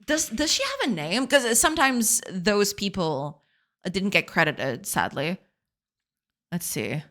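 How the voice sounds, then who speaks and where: Very animated yet measured in pace, a woman with Portuguese as her native language giggles and answers viewers while casually chatting on a game dev stream. Her medium-pitched voice has a fairly bright quality.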